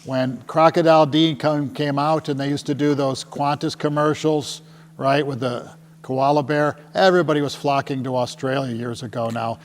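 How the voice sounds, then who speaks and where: A man's voice: mid-range voice, steady tone, normal speed. Middle-aged male presenter, mid-range voice, chatty and jokey with a live crowd; reverberant hall sound. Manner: jokey and chatty, often asks the crowd "right?". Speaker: tour company presenter. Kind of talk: casual presentation to a live audience. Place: meeting room with a small audience. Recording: long hall reverb with faint hum.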